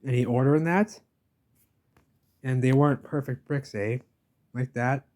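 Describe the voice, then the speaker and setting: A man's voice: mid-range voice, measured pace, a little mellow. Ranting man filming a village walk. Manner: ranting, insistent, talks at the camera with repeated "baby". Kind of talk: casual walking-tour vlog monologue. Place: outdoors in a village street.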